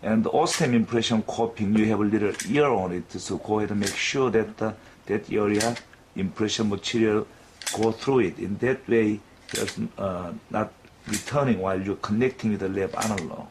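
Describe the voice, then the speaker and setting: A man's voice: lowish voice, a little hiss or hum. Man teaching dental technique. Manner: halting, with frequent fillers and restarts. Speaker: dental instructor. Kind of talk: clinical demonstration lesson.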